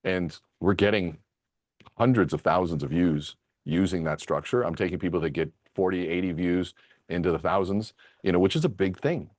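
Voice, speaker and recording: Very deep-voiced excited man. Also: moderate pace, no room sound, studio quality. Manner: excited, animated storytelling. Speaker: guest speaker and author. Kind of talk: conversational interview.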